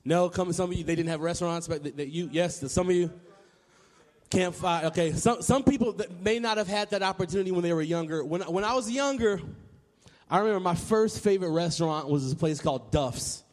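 A man in his thirties from Tennessee, telling an animated personal story to a live audience, often repeating words and acting out voices. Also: high voice, a little fast, in a large hall. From Nashville, Tennessee, US. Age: 30s. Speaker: public speaker.

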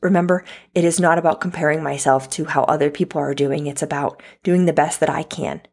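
Earnest woman with a gravelly husky voice. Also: deep voice, fairly even intonation, a little fast, darkish tone. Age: 30s. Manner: earnest, heartfelt, direct address to listener. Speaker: podcast host. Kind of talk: reflective motivational monologue.

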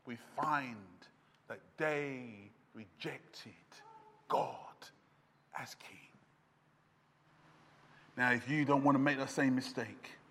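A man preaching a sermon, swinging from loud shouts down to near-whispers. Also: mid-range voice, slightly rough. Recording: long reverb of a hall.

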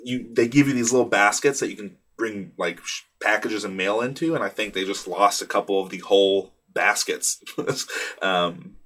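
A young man with a lowish voice chats on his own podcast, wandering through his thoughts with plenty of "um"s and restarts. He swears freely and pokes fun at himself. He speaks close to a small booth mic. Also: normal speed, a bit bright. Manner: rambling, profane, self-deprecating, many fillers and restarts. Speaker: podcast host. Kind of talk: casual solo podcast chat. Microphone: studio microphone in a small booth.

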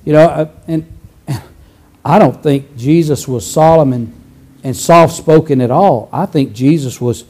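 A male preacher giving a conversational sermon, animated and acting out scenes, with frequent restarts. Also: fairly high pitch, unhurried, poor audio.

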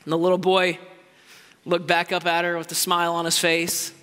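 A man preaching a sermon with passion, moving between loud exclamations and quiet asides. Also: sits high, completely flat delivery, moderate pace, clean tone. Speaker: pastor. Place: large church hall. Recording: long hall reverb with faint music.

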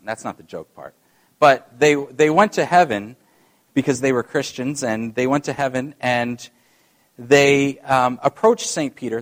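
A man preaching a sermon as pastor, talking conversationally and addressing the congregation directly, with some self-deprecating remarks. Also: mid-range voice.

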